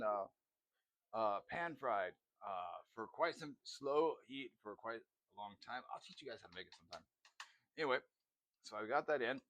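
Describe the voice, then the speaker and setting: A man's voice: mid-range voice, fairly bright tone. A man chatting casually while cooking in a home video, rambling with lots of fillers and asides. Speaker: home cook vlogger. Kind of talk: casual cooking vlog chat.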